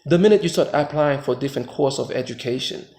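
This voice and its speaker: American male motivational vlogger, mid-pitched, gravelly edge, emphatic preachy delivery. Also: fast. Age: adult father. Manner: emphatic, preachy, swings between loud pushes and low reflective stretches. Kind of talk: motivational monologue.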